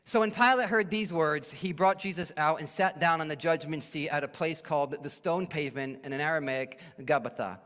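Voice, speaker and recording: A man's voice: fairly high pitch, fairly quick, hardly any pauses, fairly bright tone. A man pastor preaching a sermon, explaining a Bible passage and briefly acting out the people in it. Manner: expository preaching, acts out quoted speakers. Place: church sanctuary. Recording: long church hall reverb.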